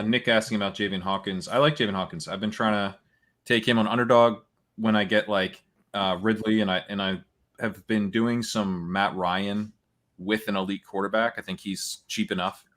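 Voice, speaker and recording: Bright-toned man thinking aloud. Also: low-pitched. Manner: thinking aloud, laughs easily. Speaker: fantasy football podcast host drafting live. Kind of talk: casual live-stream chat.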